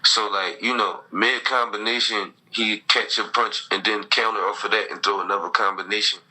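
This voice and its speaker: A man's voice: lowish voice, steady tone, moderate pace, bright, forceful tone, slightly rough, rough recording. A man, a boxing coach, guesting on a podcast and talking boxing in a casual, slangy, emphatic way.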